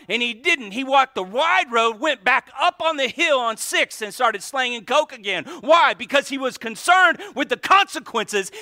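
Male pastor, sermon delivery, high and piercing, dry close sound. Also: pushed and bright, dry recording. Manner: preaching with rising intensity, crying out to God.

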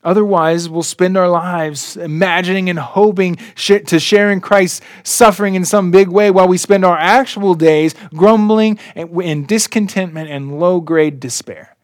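A man preaching a sermon as a pastor, in a slow and earnest way, his voice often dropping soft at the ends of phrases. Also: high-pitched, no room sound, clean studio sound.

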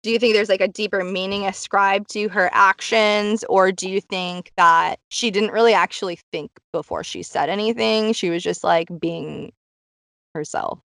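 A woman's voice: mid-range voice, fairly even intonation, normal speed, vocal fry, fairly bright tone, no room sound. A woman hosting a casual podcast, recapping a show in a chatty way with many fillers and acted-out quotes. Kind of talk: casual chat.

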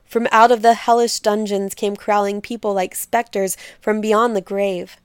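Smooth-voiced woman reading a folk tale. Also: medium pitch, dry recording, studio quality. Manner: expressive, measured narration. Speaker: storyteller.

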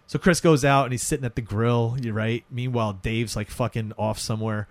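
A man's voice: medium pitch, fairly quick, dry recording. Casual man retelling a movie. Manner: animated retelling, acting out characters' lines. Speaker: podcast co-host recapping a film. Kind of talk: casual profane chat.

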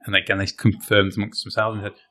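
A British fencer appears as a guest in a casual chat, telling a funny anecdote with animated, self-deprecating energy and British slang. His voice is fairly low-pitched and his pace quick.

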